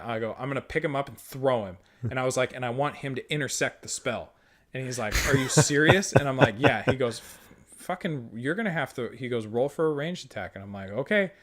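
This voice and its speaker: Swearing often, a young man recounts a tabletop game story among friends in an ordinary mid-range voice at a quick pace. As a podcast host, he brings each exchange with the game master to life through animated quoted dialogue.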